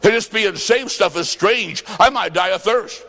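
A man's voice: high voice, unhurried, bright, forceful tone, voice pushed up, exaggerated voice. A blunt, plainspoken newly saved woman, put on by a male preacher in a raised voice. The sound carries the long reverb of an echoey hall. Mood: wondering.

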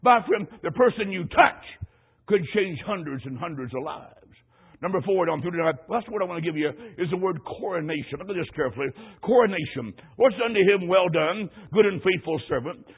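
In a brisk, animated sermon, a male preacher with a high, husky voice spins a personal story and builds to loud, emphatic peaks. The audio is thin and tinny, like an old radio broadcast.

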